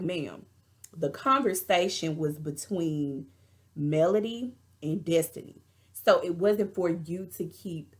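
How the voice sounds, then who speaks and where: A woman with a Texas accent chatting casually to her viewers, giving her frank opinions on a reality TV episode. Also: sits low. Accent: Texan. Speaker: reality TV reviewer. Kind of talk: casual vlog commentary.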